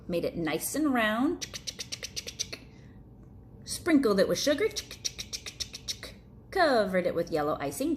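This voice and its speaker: A woman's voice: a little high, unhurried, pauses often, a little hiss or hum. Playful woman reading a storybook aloud. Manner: playful, animated sound effects. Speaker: storyteller for children.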